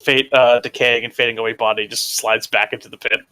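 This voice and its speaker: A man's voice: mid-range voice, little pitch movement, fairly quick, sharp tone. A man running a tabletop role-playing game, chatting loosely, laughing often and rephrasing as he describes the action. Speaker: game master. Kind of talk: tabletop game session, casual narration.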